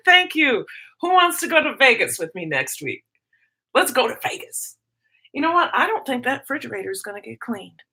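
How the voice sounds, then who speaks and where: Bright, bubbly woman chatting on a livestream. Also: high-pitched. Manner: excitable, chatty, greets viewers by name. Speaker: live stream host. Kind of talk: casual live-stream chat.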